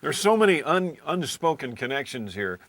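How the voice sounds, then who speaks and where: A man's voice: a little high, very animated, moderate pace. An older man being interviewed as an actor, joking with dry, wry humor. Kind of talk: joking reunion chat. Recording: loud background noise.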